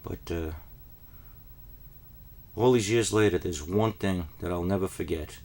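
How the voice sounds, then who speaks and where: A man from New Jersey telling a deadpan parody monologue, rambling and then rising into frantic, high-pitched pleas. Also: a little slow, a little hiss or hum. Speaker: comic storyteller.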